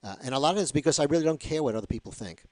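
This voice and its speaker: A man's voice: fairly high pitch, lively intonation, rapid-fire, darkish tone, no echo. A man hosting an interview, rambling and self-deprecating, often restarting his sentences. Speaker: host. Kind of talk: casual interview chat.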